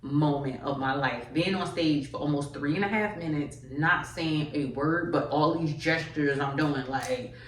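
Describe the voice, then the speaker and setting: A woman comedian telling stories in a casual podcast chat, animated and acting out the voices of others. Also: low-pitched, unhurried, few pauses, distant mic, crowd noise. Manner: animated storyteller, acts out quoted voices. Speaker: comedian guest. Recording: roomy, from off mic.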